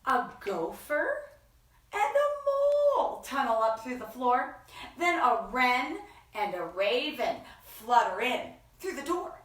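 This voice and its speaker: A woman hosting a children's story time, reading picture books aloud in an expressive sing-song way with gasps and acted voices. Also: a little high, takes it slowly. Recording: echoey room, from far off.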